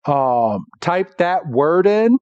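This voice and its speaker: A man hosting a podcast, recapping an episode in a loose, rambling way, slow paced and lively in pitch. The recording is dry and slightly dull, like a home setup. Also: no room sound. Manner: rambling, many fillers and restarts. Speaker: podcast host.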